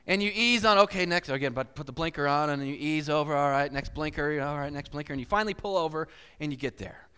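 A man preaching a sermon, telling stories in an animated way and acting out inner voices with big swings. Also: on the high side, fast talker, few pauses, clear, resonant tone. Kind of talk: sermon with storytelling. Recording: hall reverb.

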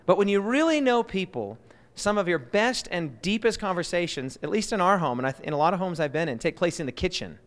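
A man teaching a Bible lesson to a live church group in a lively way, often quizzing his listeners. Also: high voice, brisk, big-room sound.

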